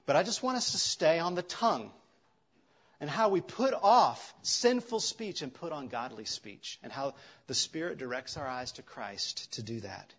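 A man preaching a sermon in an earnest way, rising for emphasis and dropping soft for tender lines. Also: fairly high pitch, animated, moderate pace, husky, lo-fi sound.

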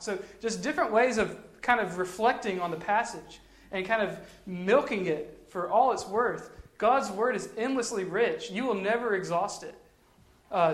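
A man giving casual devotional teaching, talking in a conversational way and repeating phrases for emphasis. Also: high-pitched. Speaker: Christian teacher. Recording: echoey room.

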